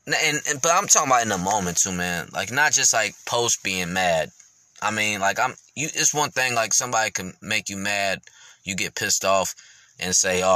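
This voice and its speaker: A man's voice: lowish voice, sharp tone, no echo. A man hosting his podcast, speaking candidly and reflectively, rambling with lots of fillers and casual swearing. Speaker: podcast host.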